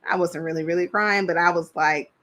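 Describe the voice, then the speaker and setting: A woman's voice: lowish voice, fairly even intonation, brisk, a bit bright. Blunt, chatty woman reviewing reality TV. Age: adult parent. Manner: chatty, blunt, laughs often, trails off searching for names. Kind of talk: casual commentary.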